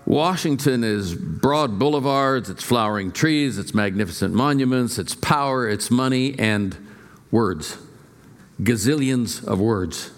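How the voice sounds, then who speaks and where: A man's voice: mid-range voice, a little slow. A middle-aged male pastor preaching a sermon, telling stories with playful asides and shifting emphasis.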